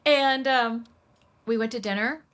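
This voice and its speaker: Animated woman telling a personal story. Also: unhurried. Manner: animated, acts out quoted voices with big pitch jumps. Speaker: podcast guest. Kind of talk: candid storytelling chat.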